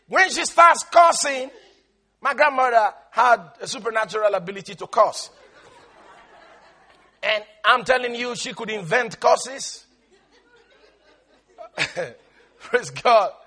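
A male pastor preaching a sermon, emphatic, stretching his words out and breaking into shouts. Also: very high voice, slow, pauses often.

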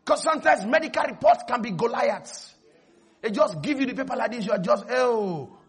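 High-voiced, fiery preacher man. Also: a little fast, slightly rough. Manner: animated, shouting, laughing. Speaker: pastor. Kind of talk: sermon.

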